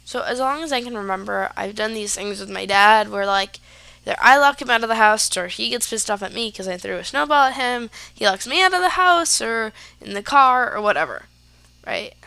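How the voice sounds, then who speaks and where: Teen girl podcast host rambling thru a story, kinda high bright voice, lots of likes. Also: lively intonation, fairly quick, creaky, smooth, dry recording. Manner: chatty, lots of fillers like "like" and "yeah". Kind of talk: casual storytelling.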